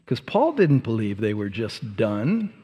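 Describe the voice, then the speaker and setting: A male pastor preaching a sermon, emphatic, asking rhetorical questions and swinging from loud to soft. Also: fairly low pitch, sing-song, unhurried, slightly rough, big-room sound. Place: church sanctuary.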